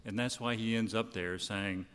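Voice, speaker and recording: Low-voiced preacher in a reverberant hall. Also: male voice, fairly even intonation, normal speed, a bit bright, clear, resonant tone. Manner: conversational, with fillers and self-corrections. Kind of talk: sermon retelling a scripture story.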